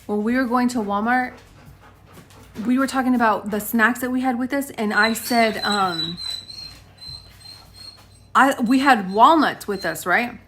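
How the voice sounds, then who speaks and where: A woman's voice: fairly high pitch, measured pace, long pauses, fairly bright tone, slight background noise. A woman in her late thirties chatting to camera at home, telling stories to her viewers and acting out the back-and-forth of conversations. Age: late 30s. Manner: chatty storytelling, addresses viewers as guys, acts out quotes. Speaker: vlogger. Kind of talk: casual chat to camera.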